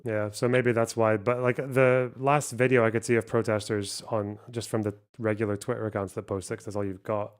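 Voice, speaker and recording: A man's voice: on the low side, little pitch movement, fairly quick, few pauses. A man hosting a live stream, chatting casually and swearing freely. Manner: laid-back, swears casually. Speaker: streamer host. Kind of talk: casual chat.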